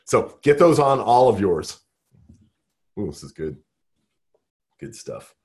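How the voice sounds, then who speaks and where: A man leading an interactive workshop, energetic and coaxing, who keeps firing questions at the group. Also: medium pitch, takes it slowly, slightly rough. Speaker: workshop leader.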